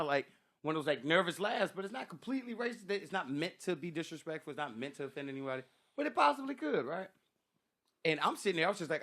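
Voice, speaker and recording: Fast-talking animated comedian man. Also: fairly high pitch. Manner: animated storytelling, swearing freely. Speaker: stand-up comedian guest. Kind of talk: casual podcast chat.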